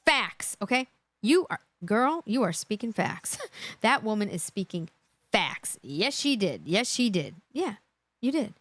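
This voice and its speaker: A woman's voice: mid-range voice, sing-song, measured pace, a bit bright, no room sound. A woman hosting a live true crime reaction, indignant and emphatic, repeating her points for effect.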